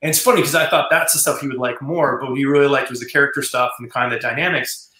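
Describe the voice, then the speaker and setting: A man's voice: mid-range voice, steady tone, quick pace, sharp tone, roomy sound, rough recording. A man telling stories as a screenwriter guest in an interview, rambling with many fillers and restarts. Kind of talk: casual storytelling in an interview.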